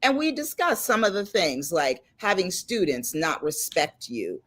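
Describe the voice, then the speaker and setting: Woman host, middle-aged, lowish voice, animated storyteller, casual chat. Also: measured pace. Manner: lively storyteller, animated and laughing. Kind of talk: casual chat on a video call panel.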